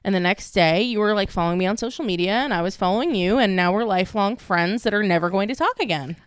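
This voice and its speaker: A woman's voice: mid-range voice, fast talker, smooth, dry recording. A woman in her twenties co-hosting a podcast, telling stories in a rambling, casual way with lots of "like" and frequent laughter. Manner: rambling, heavy use of "like", laughs often. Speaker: podcast co-host. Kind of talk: casual chat.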